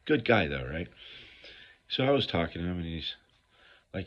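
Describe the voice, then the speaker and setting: A man's voice: low voice, big pitch swings, normal speed. A middle-aged man giving a candid recovery talk to viewers, blunt and profane as he rambles through his stories. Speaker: recovery speaker. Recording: dull lo-fi recording.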